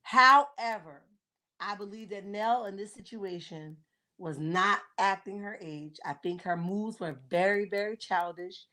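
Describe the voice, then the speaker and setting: A woman in her forties hosts a solo livestream, speaking close to her mic at a medium pitch. Her delivery is blunt and sassy. She keeps tagging her points with "okay?" and greets viewers as they drop in. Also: unhurried, bright, forceful tone. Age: 40s. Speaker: livestream host. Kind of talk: casual live-chat commentary on reality TV.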